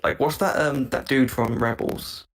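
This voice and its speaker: Male co-host, husky and a bit breathy, deadpan crude jokes. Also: mid-range voice, a little slow. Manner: dry, crude one-liners. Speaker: podcast co-host. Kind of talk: casual chat.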